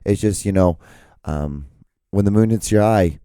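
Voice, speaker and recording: A hoarse man with a low, dark, gravelly voice, like he has been smoking heavily, rambling through his solo podcast. He jokes and swears freely, close to a dry-sounding mic. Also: a little slow, no room sound. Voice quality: gravelly, smoker-like. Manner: loose, joking, swears freely. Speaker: podcast host.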